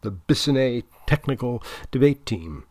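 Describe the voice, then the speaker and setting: Male audiobook narrator, steady and even, mid-pitched, in a dry close booth. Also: moderate pace, dry recording. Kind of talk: scripted narration.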